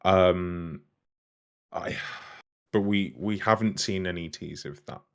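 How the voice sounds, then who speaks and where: Guy co-hosting a gaming podcast, really deep voice, blunt and swears a bit. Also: takes it slowly. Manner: frank and blunt, swears casually. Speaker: podcast co-host. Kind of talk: casual gaming podcast chat.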